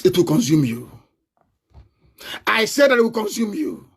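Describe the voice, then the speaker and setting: A man with a Nigerian accent giving a combative live online broadcast, laughing often and breaking into shouts. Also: high-pitched, big pitch swings, moderate pace, vocal fry, breathy edge.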